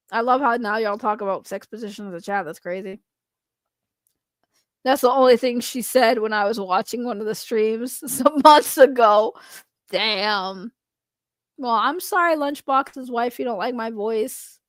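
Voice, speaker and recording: High-voiced woman streamer, stammering. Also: no echo, clean studio sound. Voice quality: high, distinctive voice others find grating. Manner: rambling, stammering, repeats words. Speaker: streamer reacting to chat. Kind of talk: casual live-stream commentary.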